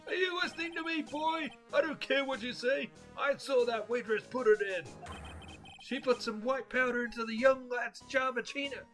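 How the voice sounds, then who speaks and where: A man voicing a cranky, paranoid old male craftsman who rants and shouts. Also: moderate pace, faint music behind. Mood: furious. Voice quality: shrill, ranting. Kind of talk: game dialogue read aloud.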